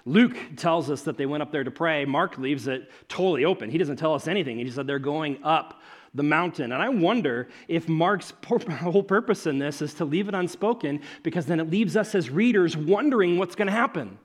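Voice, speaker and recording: A man preaching a sermon in an animated, conversational storytelling way, swinging between loud emphasis and hushed moments. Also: on the high side, brisk. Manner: conversational, with fillers like "like" and "okay".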